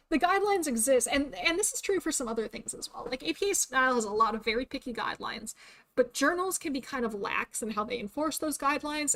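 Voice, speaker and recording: A woman's voice: fairly high pitch, fairly bright tone. A young adult woman streaming casually, chatty with many fillers and frequent laughs, her voice starting to tire. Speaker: VTuber streamer. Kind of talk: casual livestream chat.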